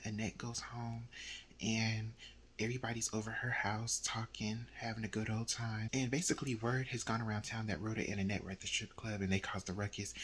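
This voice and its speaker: A man's voice: mid-range voice, fairly bright tone. A young man casually retelling a novel's plot, slipping into quoted lines from the characters. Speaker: book reviewer. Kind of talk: casual book recap. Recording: faint background noise.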